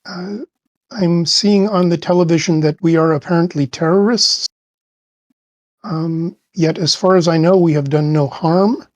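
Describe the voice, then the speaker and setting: A tabletop player voicing a naive, logical young heroine who speaks slowly and carefully. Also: mid-range voice, a little mellow, no room sound, close to an everyday voice. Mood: earnest. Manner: slow, careful, literal.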